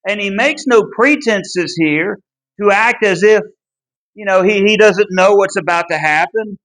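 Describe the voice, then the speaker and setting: A man teaching a Bible class, earnest and emphatic, with a deliberate delivery and small restarts. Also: sits high, a bit bright, rough recording. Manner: earnest and emphatic, pleading in tone when driving a point home. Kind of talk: Bible study lesson.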